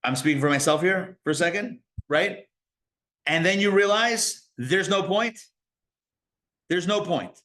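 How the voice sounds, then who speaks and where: A rabbi teaching a live class, with a bright, forceful voice pitched a little above most men's. He talks in an animated, conversational way, throwing out rhetorical questions and quick asides to the room. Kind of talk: live Torah class lecture.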